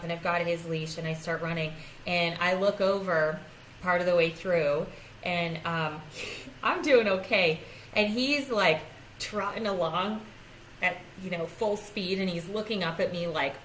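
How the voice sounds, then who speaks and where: A woman's voice: medium pitch, a bit bright, slight background noise, poor audio. A woman who coaches clients, talking casually to camera in a chatty, self-deprecating way, laughing often and restarting her sentences. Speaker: design and personal growth coach.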